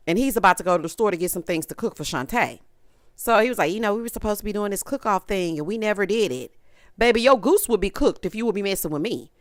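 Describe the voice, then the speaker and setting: A woman's voice: mid-range voice, no echo, clean studio sound. A young adult woman giving a sassy, casual recap of a reality show, talking straight to her viewers. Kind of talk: casual commentary.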